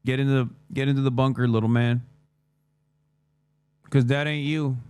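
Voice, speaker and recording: A man's voice: medium pitch, steady tone, moderate pace, darkish tone, clean tone, no room sound. Dry, sarcastic male streamer. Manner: sarcastic, mocking. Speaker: streamer host. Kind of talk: livestream reaction commentary.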